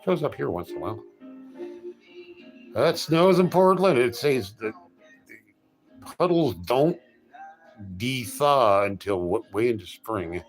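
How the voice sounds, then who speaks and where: A man's voice: mid-range voice, lively intonation, slow, pauses often, faint music behind. A middle-aged man chatting casually with viewers as a streamer, telling jokey stories with frequent restarts and self-corrections. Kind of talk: casual rambling chat.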